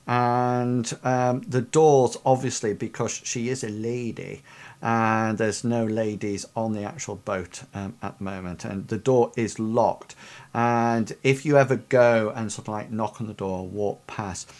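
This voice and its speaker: Man, game master, tabletop narration, halting, filler-heavy. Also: lowish voice, fairly even intonation, a little mellow. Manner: rambling, many ums and sort-of-likes.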